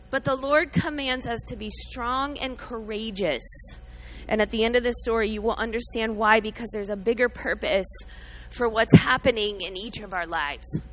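Speaking on the high side with a fairly bright tone, a middle-aged woman at a church gathering delivers an emotional, earnest sermon-style talk. She shares a story, teaches Bible lessons and calls to listeners by name, though the audio is poor.

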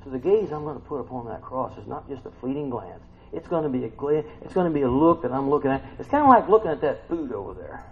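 A man preaches in a relaxed, conversational way, reading verses and then asking his listeners questions and acting out their replies. His pitch rises and falls a lot as he talks. The sound is thin and tinny, like it came over a phone line. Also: quick pace, hardly any pauses. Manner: conversational, asks the listeners questions, acts out quotes. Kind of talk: informal sermon with scripture reading.

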